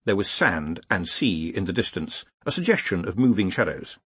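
A man reading an audiobook in a wry, expressive storytelling manner. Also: sits low, normal speed, husky, no echo. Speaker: audiobook narrator. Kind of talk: scripted narration.

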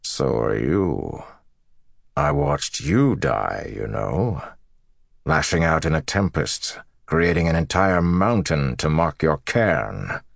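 A man voicing an ancient, arrogant male villain who talks slowly and mockingly. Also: very deep voice, big pitch swings, gravelly, dry recording, clean studio sound, exaggerated voice.

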